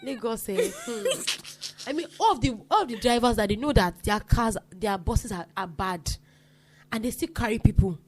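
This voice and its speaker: A young Nigerian woman chatting on a podcast, her voice sitting a little high. She tells stories with animation, slips into other people's voices and laughs easily. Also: normal speed. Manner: animated, acts out quoted people, laughs often. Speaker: podcast guest. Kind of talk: casual storytelling chat.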